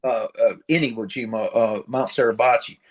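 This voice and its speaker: A man's voice: mid-range voice, fairly even intonation, brisk, low-quality recording. A middle-aged man from the central United States, a retired Marine sergeant major telling war stories in a casual interview, rambling, blunt and profane. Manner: rambling, profane, blunt, voices sound effects.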